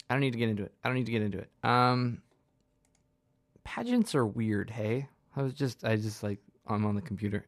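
A man's voice: medium pitch, a little mellow, no echo, studio quality. A man in his twenties hosting a radio show, chatting in a casual, rambling, self-deprecating way with lots of fillers. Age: 20s. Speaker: radio host.

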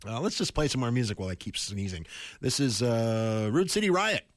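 A man's voice: lowish voice, a little fast, slight background noise. A man hosting a campus radio show in a studio, talking casually and rambling with plenty of stalling and filler words. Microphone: studio microphone.

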